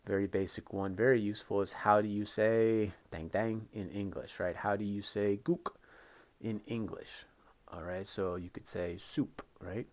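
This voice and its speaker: A man teaching a recorded English lesson, patient and repeating key phrases with emphasis. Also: fairly low pitch.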